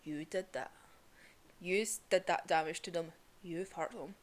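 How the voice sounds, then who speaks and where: A woman's voice: on the low side, unhurried, voice pushed down, natural voice. A woman putting on a scheming male demon king in a casual, slangy paraphrase.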